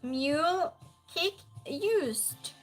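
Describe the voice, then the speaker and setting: A woman's voice: high-pitched, animated, drawn-out words, soft background music. A woman hosting a live trivia stream, reading questions aloud and chatting with viewers.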